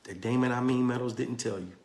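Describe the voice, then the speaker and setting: Black guy hyping a crypto pitch on a live stream, keeps calling out to viewers, roomy echo. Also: fast. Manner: animated, repetitive, calls out to viewers. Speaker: crypto promoter on a livestream. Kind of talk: excited sales pitch, reading articles aloud. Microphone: phone or webcam on a live stream.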